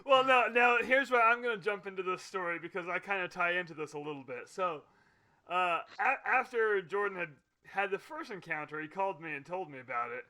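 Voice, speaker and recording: A man's voice: high voice, expressive, brisk, sharp tone. A man, a podcast co-host, chatting casually and jumping in with playful riffs. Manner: laughs easily, jumps in with playful riffs. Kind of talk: casual chat.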